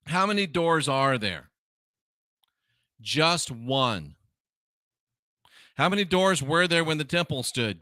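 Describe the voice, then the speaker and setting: A man's voice: a little high, pushed and bright, dry recording, studio quality. A man hosting a religious commentary show, talking emphatically, repeating phrases for stress and dropping wry asides. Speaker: host.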